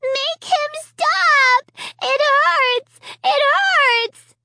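A woman reading aloud, voicing a tearful three-year-old girl with a very high, wailing voice. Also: very slow, bright, forceful tone, exaggerated voice. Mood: crying, pleading.

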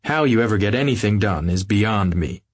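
A blunt, self-assured man barks out short, decisive words, voiced by a man reading an audiobook. The voice is low and husky, pushed louder than the narration. It sounds close and dry. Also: expressive, normal speed, no room sound. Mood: scoffing. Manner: curt, decisive, brusque. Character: blunt, forceful wealthy man. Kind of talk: audiobook character voice.

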